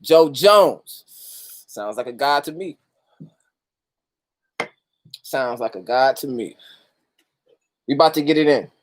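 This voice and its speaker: A man's voice: mid-range voice, expressive, takes it slowly, long pauses. A man hosting a casual livestream, greeting viewers by name and talking loosely with street slang and plenty of profanity. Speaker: host of a livestream talk.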